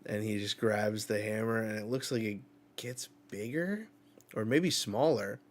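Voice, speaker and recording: Unhurried man reading comics aloud. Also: fairly low pitch. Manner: reads dialogue aloud and narrates panels in a chatty way. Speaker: channel host reacting to a manga chapter. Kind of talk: casual live reading and reaction.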